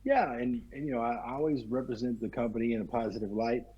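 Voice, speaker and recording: A man's voice: medium pitch, quick pace, husky, highs cut off. A man from Kentucky with a Southern American accent, an actor talking easygoing as an interview guest over a video call. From Kentucky, United States. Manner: easygoing, repeats words as he talks. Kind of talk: casual interview chat.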